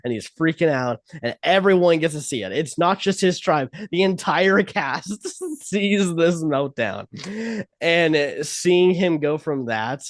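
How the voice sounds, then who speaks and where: A man's voice: on the high side, animated, unhurried, dry recording. A man co-hosting a podcast in casual chat, talking loosely with many fillers. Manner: loose, filler-heavy talk. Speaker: podcast co-host.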